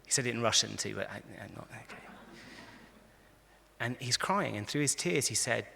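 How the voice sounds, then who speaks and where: A man, a rabbi, giving a lively lecture to a live audience, telling stories and acting out the quotes with frequent restarts. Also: mid-range voice, moderate pace, creaky, slight background noise. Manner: animated storyteller, frequent restarts, acts out quotes. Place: large convention hall. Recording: echoey hall.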